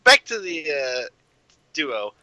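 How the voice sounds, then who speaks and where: A man's voice: fairly high pitch, sing-song, slow pace, pushed and bright, dry recording, muffled recording. A man in casual film discussion, talking loosely with lots of fillers and wry asides.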